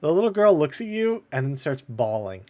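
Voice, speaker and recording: A man narrating a tabletop game as game master, laughing often and voicing townsfolk softly in passing. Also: on the high side, big pitch swings, normal speed.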